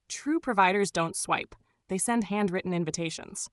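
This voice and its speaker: A woman's voice: mid-range voice, animated, moderate pace, no echo. A woman reading scripted narration in a gushing, doting way, full of pet names.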